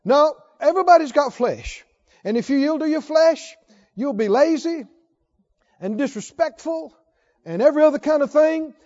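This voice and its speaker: A man preaching a sermon as pastor, reading scripture and rising to shouted exhortations to the congregation. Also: very high-pitched, expressive, moderate pace. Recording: dull lo-fi sermon recording.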